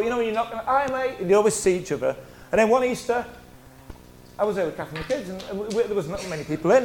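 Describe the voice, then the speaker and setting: A male pastor, preaching a lively, conversational sermon full of humorous stories. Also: high-pitched, a little hiss or hum. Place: church hall.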